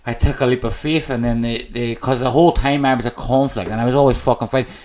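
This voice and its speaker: Here an Irishman speaks at medium pitch, quick and steady, with a slightly mellow quality. As a guest on a podcast, he shares his personal story with raw emotion and nonstop swearing, recorded in an echoey room.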